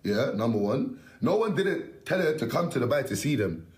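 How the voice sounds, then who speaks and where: A man's voice: medium pitch, very animated, normal speed, a little mellow. Young man, slangy, emphatic rant, swears a lot, roomy echo on the mic. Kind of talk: casual ranting story.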